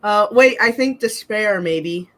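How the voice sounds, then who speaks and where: A woman's voice: medium pitch, takes it slowly. A woman casually chatting while playing through a game, with wry asides. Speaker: let's play host.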